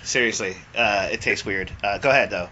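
A man hosting a podcast from home, relaxed and profane as he trades banter. His voice is bright and forceful at an ordinary pitch. The recording is a little dull, with faint hiss behind it. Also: brisk. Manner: profane, laid-back banter. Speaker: podcast host. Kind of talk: casual podcast chat.

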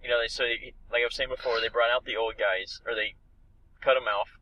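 A man's voice: mid-range voice, steady tone, fast talker, bright, forceful tone, lo-fi sound. A man chatting casually on a podcast, mostly agreeing and now and then pushing back. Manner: easygoing, agreeable, interjecting. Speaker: podcast co-host. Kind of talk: casual movie review chat.

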